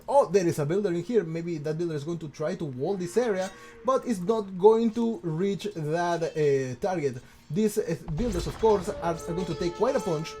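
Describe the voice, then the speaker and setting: Stammering, excitable male game caster. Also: sits high. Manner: excitable, stammering, many rhetorical questions. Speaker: game commentator. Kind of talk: casual game commentary.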